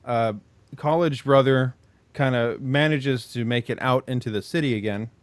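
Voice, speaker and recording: A man's voice: medium pitch, normal speed, clean tone, dry recording. A man co-hosting a podcast, casually retelling a horror movie plot, swearing freely and circling back on himself with lots of filler. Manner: profane, rambling, lots of "like" and restarts. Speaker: podcast co-host.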